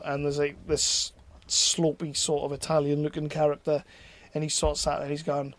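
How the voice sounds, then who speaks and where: A man, co-hosting a casual film podcast, excitable and swearing freely. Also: a little high, fairly quick, no echo. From North East England. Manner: excitable, swears freely, laughs while talking. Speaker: podcast co-host.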